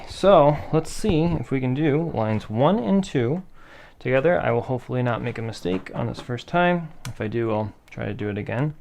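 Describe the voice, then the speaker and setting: A man's voice: medium pitch, creaky, a little mellow. A man teaching a rhythm lesson in a patient, methodical way, asking questions and then answering them himself. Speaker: music teacher.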